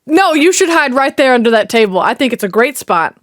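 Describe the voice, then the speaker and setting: Chatty high-voiced woman. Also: sing-song, brisk, a bit bright. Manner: chatty, exclaiming, talks back to the screen. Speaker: reaction video host. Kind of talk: casual movie reaction commentary.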